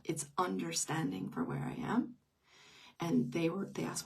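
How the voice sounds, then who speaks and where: A woman's voice: deep voice, sing-song, normal speed, creaky, a little mellow, distant mic. A middle-aged woman telling a personal story in an unscripted live stream, intimate and emotional, often dropping to a whisper. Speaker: grief teacher.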